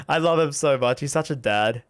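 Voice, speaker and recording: A man with a voice on the high side talks at a moderate pace while streaming a game. His let's-play commentary is loose and chatty, drifting around, speaking to chat often, and full of fillers like "like."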